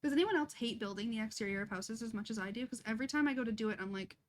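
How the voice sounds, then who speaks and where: A woman's voice: a little high, rapid-fire, slight background noise. Giggly woman streaming a life-sim game. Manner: chatty, giggly and self-deprecating. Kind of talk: casual live-stream chat while playing.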